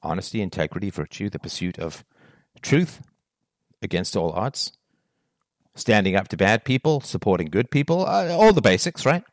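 A man delivers a solo philosophy monologue, firing off one rhetorical question after another. His voice rises and falls across a wide, lively range. The sound is close and dry, with no room around it. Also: fairly low pitch, normal speed, no echo. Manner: rhetorical questions, emphatic and animated. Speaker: philosophy talk host.

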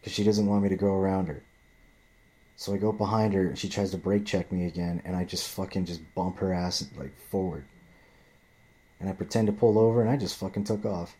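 A man's voice: deep voice, fairly even intonation, a little fast, dark tone. A man ranting in a profane, rambling monologue, often restarting and repeating himself.

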